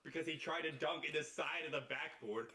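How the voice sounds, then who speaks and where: A man co-hosting a casual sports podcast, talking in a wry, mocking, animated way. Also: on the high side, brisk, slight background noise. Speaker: podcast co-host.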